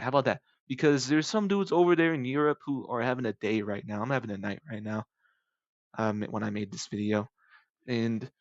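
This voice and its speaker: A young man rambling casually to his YouTube viewers, jumping into high squeaky voices for the people in his made-up stories. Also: a bit bright, no echo, lo-fi sound.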